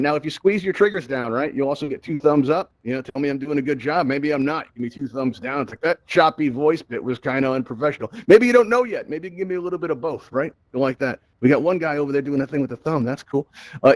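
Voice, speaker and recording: A man's voice: medium pitch, no room sound, low-quality recording. A man hosting a live virtual-reality tutorial, chatty and upbeat, who keeps asking "right?" into a headset mic. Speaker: VR event host.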